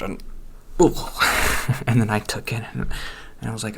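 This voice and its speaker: A man's voice: lowish voice, takes it slowly, creaky, pauses often, fairly bright tone, slight background noise. A young man chatting casually at home, rambling and self-conscious, often breaking into nervous laughs. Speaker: gaming vlogger. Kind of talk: casual chat over gameplay. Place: room at home.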